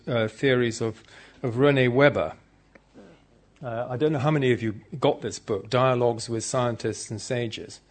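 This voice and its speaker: Guy chatting thru a conference talk, easygoing and good-humored, talks right to the crowd. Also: medium pitch. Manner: chatty, addresses the audience directly. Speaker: conference speaker.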